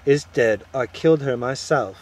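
A man's voice: mid-range voice, lively intonation, measured pace, darkish tone. A man reading the lines of a noble young prince, formal and stern in his commands.

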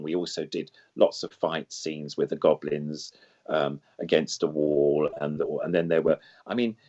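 Older male guest, deep voice, enthusiastic rambling storyteller, muffled lo-fi audio. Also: a little mellow. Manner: enthusiastic, heaps on superlatives; digressive, loses then regains the thread. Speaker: guest puppeteer. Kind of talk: reminiscing interview chat. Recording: dull lo-fi sound.

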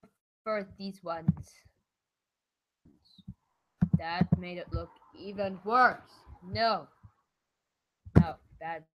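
A young woman whose voice is hoarse from being ill, muttering casual, self-mocking commentary as she draws. She talks slowly, and the sound is dry and close with no room around it. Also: on the low side, dry recording, highs cut off. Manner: self-deprecating, mumbling, swears casually. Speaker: vlogger drawing on stream. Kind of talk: casual solo commentary while drawing.

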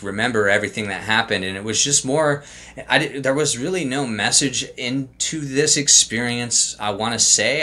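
A man's voice: mid-range voice, pushed and bright. A young man casually telling a story straight to camera, loose and profane, full of fillers. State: emotional, holding back tears. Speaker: vlogger. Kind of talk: casual trip report monologue.

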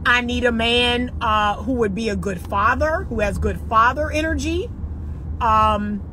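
A sassy woman over forty coaches her listeners with preachy, repeated punchlines. Her voice sits fairly high. The recording has clear background noise. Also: unhurried, bright, forceful tone, rough recording. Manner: sassy, preachy, repeats phrases for emphasis, acts out little dialogues. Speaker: relationship coach. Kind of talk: straight-talking advice monologue.

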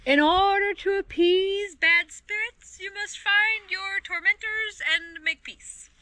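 A woman voicing a young female hyena who poses as a solemn spirit, speaking slowly and grandly. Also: very high voice, steady tone, pushed and bright, a little hiss or hum, voice pushed up, heavily acted. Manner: slow, grand, commanding.

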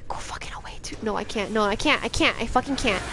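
A young female streamer talks through her gameplay in a high, bright voice. She swears freely and snaps back at the enemies on screen. A light hiss of noise sits under the recording. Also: fast. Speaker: game streamer. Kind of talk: live gameplay commentary.

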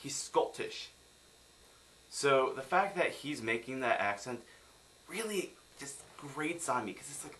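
A man's voice: medium pitch, expressive, measured pace, sharp tone. A young man from the United States ranting sarcastically in a film review vlog.

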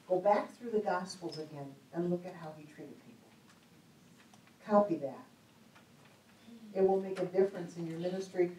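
A woman's voice: medium pitch, darkish tone, slight background noise. A woman giving a storytelling sermon in a church hall, chatty and humorous, often laughing. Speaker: speaker at a church conference. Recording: echoey hall, mic at a distance.

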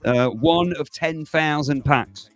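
A man's voice: a little high, slow, faint music behind. A man hosting a livestream, chatting casually to viewers, rambling and laughing as he goes. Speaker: livestream host.

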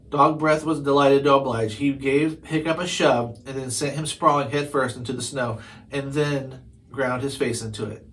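A man reads a chapter book aloud in an ordinary middle-pitched voice. He stumbles over words here and there and goes back to correct himself as he reads. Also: fairly even intonation, normal speed, a little hiss or hum, poor audio. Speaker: storybook reader.

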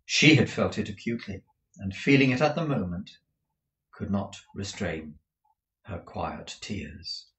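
Low-voiced guy reading an old novel, stumbles and restarts a lot. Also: expressive, measured pace, fairly bright tone, rough recording. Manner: frequent restarts and self-corrections. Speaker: audiobook reader. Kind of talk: reading a classic novel aloud.

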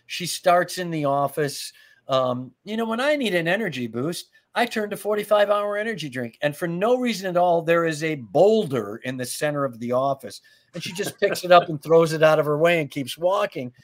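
Animated man telling comic stories. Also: on the high side, moderate pace. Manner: laughs through his stories, acts out lines. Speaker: guest, comedy writer. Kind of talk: animated anecdotal storytelling.

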